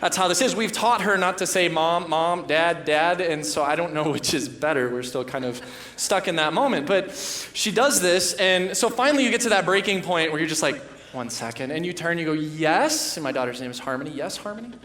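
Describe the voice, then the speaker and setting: A man in his thirties gives a sermon in a slightly high voice, telling stories and acting out his little daughters' voices. The sound is roomy and echoing, as in a church hall. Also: a little fast, few pauses, a bit bright. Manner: storytelling, acts out his children's voices. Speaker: pastor.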